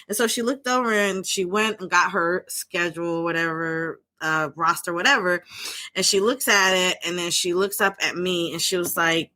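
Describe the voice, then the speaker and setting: A woman with a fairly low voice, speaking at normal speed, co-hosts a podcast and works as a mental health professional. In casual conversation she tells a personal story, animatedly acting out the voices of the people in it.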